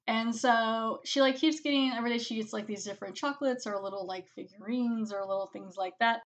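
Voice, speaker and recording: A woman giving a casual spoken movie review, chatting with lots of "like" and acting out characters' lines in quick quotes. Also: a little high.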